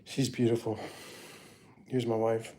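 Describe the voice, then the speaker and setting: A man's voice: lowish voice, little pitch movement, a little slow, mellow. A middle-aged man hosting a casual livestream, rambling through family photos and chatting to viewers by name. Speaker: livestream host.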